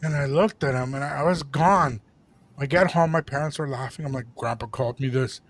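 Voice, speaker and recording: A man co-hosting a casual radio show from the studio. He talks quickly, switches between English and Spanish, and tells his stories with animation. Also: on the high side. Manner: animated storyteller. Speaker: radio co-host.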